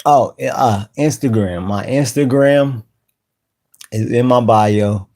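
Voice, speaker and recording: A man hosting a casual live stream, greeting viewers by name in relaxed slang. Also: mid-range voice, slow pace. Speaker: channel host.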